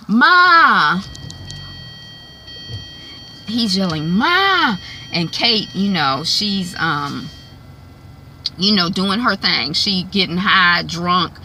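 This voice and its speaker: A woman's voice: fairly low pitch, slow, bright, forceful tone, a little hiss or hum. A woman giving a casual, chatty TV episode recap, with many fillers and put-on voices when she quotes characters. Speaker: TV recap vlogger.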